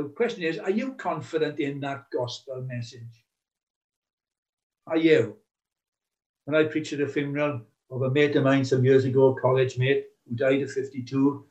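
A middle-aged man preaching a sermon, earnest and emphatic, telling stories to drive his points home. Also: dull audio. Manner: earnest, emphatic storytelling with lively swings in pitch and loudness.

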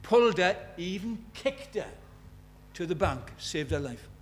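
An older man preaching an evangelistic sermon, impassioned, dropping to a hush and then rising loud. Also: sits high, animated, moderate pace. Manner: impassioned, swings from hushed to loud.

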